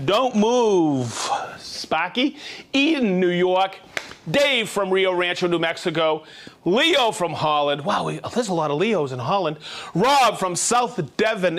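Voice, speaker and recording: Brief: male live-stream host, high-pitched, upbeat and jokey, rattles off viewer shout-outs. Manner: upbeat, quick, jokey, greets viewers by name and town.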